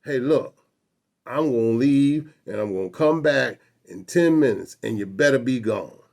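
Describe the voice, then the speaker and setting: A man's voice: mid-range voice, animated, measured pace, gravelly, a little mellow, voice pushed up. A man voicing a threatening 1950s policeman, drawling and contemptuous. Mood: menacing. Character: threatening, heavyset 1950s Southern male policeman.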